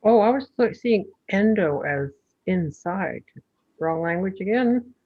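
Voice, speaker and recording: A husky, breathy voice of a student in a class discussion, thoughtful and searching for words. The recording is dull and dry, as if over a muffled line with no room around it. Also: medium pitch, animated, measured pace, no room sound.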